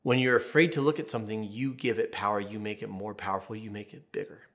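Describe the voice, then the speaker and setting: A man's voice: lowish voice, fairly even intonation, quick pace, fairly bright tone, faint music behind. A man in his thirties, a therapist hosting an advice video, talking casually and candidly with jokey asides and personal stories. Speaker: therapist, channel host.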